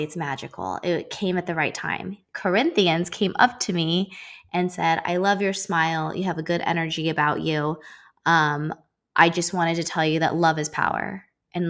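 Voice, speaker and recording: A woman in her thirties talks on her own show in a reflective, casual monologue. Her voice sits a little low, and she rambles warmly from thought to thought with plenty of fillers and restarts. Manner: heartfelt, rambling, uses many fillers. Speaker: podcast host.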